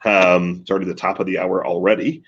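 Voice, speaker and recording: A man's voice: low voice, level tone, fast, a little hiss or hum. A man explaining things in a coaching way as a guest in a video call interview. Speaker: marketing guest expert. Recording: dull lo-fi audio.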